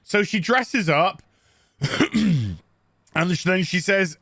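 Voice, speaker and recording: A man's voice: sits high, animated, slow pace, fairly bright tone, no echo, clean studio sound. A man giving a crude, sarcastic, mocking recap of a TV episode as a show reviewer.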